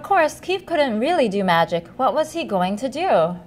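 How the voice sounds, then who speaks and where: A woman reading a children's picture book aloud as storyteller, in an animated, expressive way. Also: a little high, normal speed, slight background noise.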